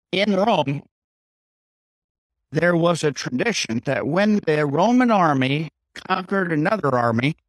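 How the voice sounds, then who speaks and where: A man's voice: on the high side, dry recording, poor audio. A man teaching a catechism class, who explains a Bible passage point by point and keeps checking with "Okay?".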